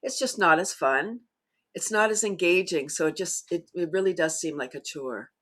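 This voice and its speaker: A middle-aged woman who leads laughter yoga, talking as a guest in an animated way and often breaking into demonstration laughs. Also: on the low side, normal speed. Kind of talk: conversational interview.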